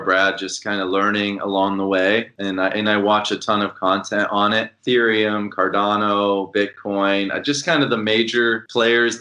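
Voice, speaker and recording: A man talking as a podcast guest in an energetic, emphatic, preachy way. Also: on the low side, reverberant. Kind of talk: casual interview talk.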